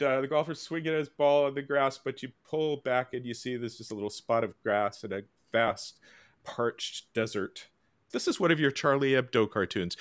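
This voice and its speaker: A man hosting an interview show, enthusiastic, reading and describing cartoons for listeners. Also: mid-range voice. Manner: enthusiastic, reads captions aloud. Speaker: host. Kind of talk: casual interview chat.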